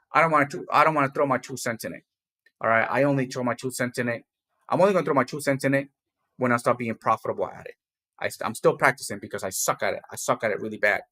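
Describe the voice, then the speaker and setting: A man's voice: mid-range voice, pushed and bright. Male co-host for a casual talk show, candid and rambling, loops back on his words. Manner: rambling, repeats himself, blunt and candid. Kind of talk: casual morning talk to viewers.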